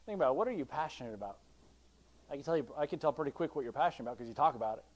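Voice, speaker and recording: Male pastor, fairly high voice, sermon delivery that swings from quiet asides to strong emphasis. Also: animated, racing. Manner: conversational, with frequent restarts and swings from quiet to emphatic; reads scripture in King James wording.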